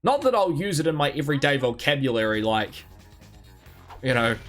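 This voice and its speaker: A man's voice: mid-range voice, very animated, a little fast, a bit bright, soft background music. A man streaming a video game live, muttering and humming as he plays, swearing freely, mocking himself and rambling as he answers chat. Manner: swears freely, mutters and hums while playing. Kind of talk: live gameplay commentary, reading chat.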